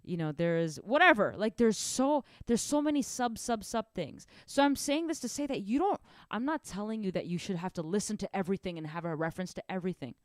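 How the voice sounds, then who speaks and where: A young woman giving a casual drum lesson, animated and rambling, often restarting her sentences. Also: mid-range voice, brisk, few pauses, no echo, studio quality. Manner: animated, rambling, self-correcting. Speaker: drum teacher.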